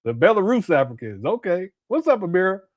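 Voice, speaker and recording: A man's voice: high voice, very animated, fairly quick, no room sound, clean studio sound. A man giving casual live commentary over a video he is watching, laughing and making mocking asides. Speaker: livestream commentator.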